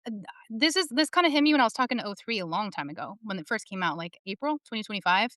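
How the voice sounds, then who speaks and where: A woman's voice: mid-range voice, racing, no echo, studio quality. Candid, swearing woman in casual talk. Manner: candid, profane, animated storytelling. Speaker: panel speaker. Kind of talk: casual discussion.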